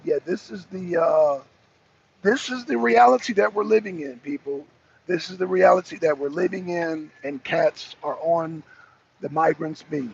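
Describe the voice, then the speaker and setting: A man with a high, gravelly voice hosts his own channel, ranting in a profane, repetitive, worked-up way. The recording is dull and lo-fi, with a faint hum of ambience behind him. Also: normal speed. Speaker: channel host. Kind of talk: ranting commentary monologue.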